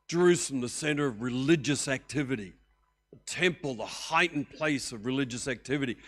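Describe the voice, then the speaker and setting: An older Australian man preaching a sermon as pastor, animated and joking in a conversational way. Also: mid-range voice, brisk.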